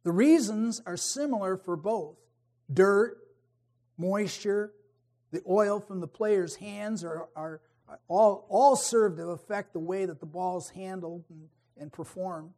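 A man preaching a sermon, emphatic, swinging between forceful peaks and quiet, wry asides. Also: sits high, takes it slowly.

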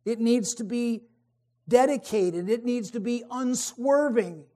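High-voiced, slow, emphatic male preacher. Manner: emphatic, rising to forceful peaks then dropping to quiet asides. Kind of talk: sermon.

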